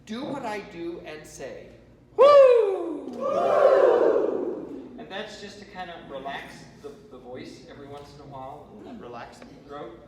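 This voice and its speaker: An American man leading a choir rehearsal warm-up, giving chatty instructions with joking asides. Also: a little high, moderate pace, hardly any pauses, crowd noise. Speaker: choir vocal coach. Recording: roomy hall, from far off, noisy.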